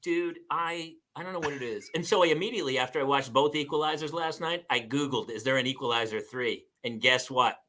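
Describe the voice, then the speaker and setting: In a medium-pitched voice, fairly quick and with few pauses, a California podcast host chats casually. He tells stories animatedly, voicing the lines of the people in them.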